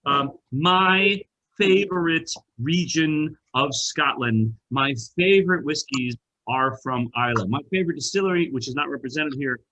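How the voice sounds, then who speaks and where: A man co-hosting a whiskey tasting over a video call, chatting in an animated way with frequent restarts. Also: a little high, measured pace, muffled recording, a little hiss or hum. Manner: animated, self-interrupting, lots of restarts. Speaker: wine shop co-host.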